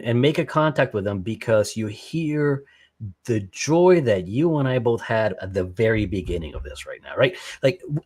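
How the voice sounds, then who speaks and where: A man being interviewed as a guest, talking in a casual, enthusiastic and rambling way, often breaking off and asking "right?". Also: fairly low pitch. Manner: enthusiastic, rambling, with many restarts and "right?" tags. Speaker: podcast guest, skydiver and ham radio operator.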